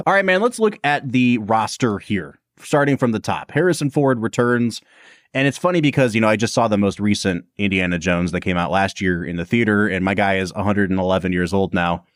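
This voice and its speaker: A man co-hosting a casual film review podcast, animated and quick to laugh. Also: on the low side, dry recording, clean studio sound. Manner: animated, laughs often, puts on quoted voices. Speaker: podcast co-host.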